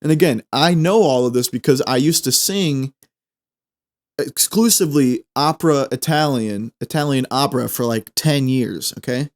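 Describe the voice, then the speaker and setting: A young man, hosting a podcast and chatting casually through a language lesson, repeating phrases slowly as he explains. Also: mid-range voice. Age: 20s. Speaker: podcast host.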